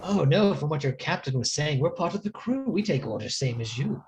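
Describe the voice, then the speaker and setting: A man playing a tabletop game, playful and quick to laugh as he speaks in and out of character. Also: fairly high pitch, very animated, darkish tone, slight background noise. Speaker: player. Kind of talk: tabletop role-play.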